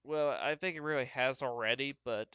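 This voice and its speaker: A man talks through storm radar on a livestream, musing aloud and circling back as he goes. His voice is bright and crisp, with a dry, close sound and little room around it. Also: medium pitch, no echo, muffled recording. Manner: thinking aloud, casual and unhurried with restarts. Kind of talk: live weather commentary.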